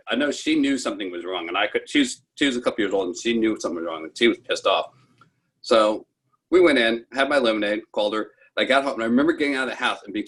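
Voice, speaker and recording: A New Yorker in his sixties, being interviewed over a video call, tells a personal story in a rambling, self-correcting way and acts out the voices he quotes. His voice is on the low side, with a fairly bright tone and a breathy edge.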